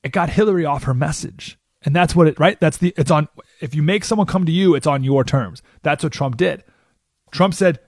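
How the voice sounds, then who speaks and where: A man hosting a talk radio show, telling stories with animated delivery and asking rhetorical questions. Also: on the high side, fairly quick, no room sound, studio quality. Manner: animated storytelling with frequent rhetorical "right?"; acts out quoted voices.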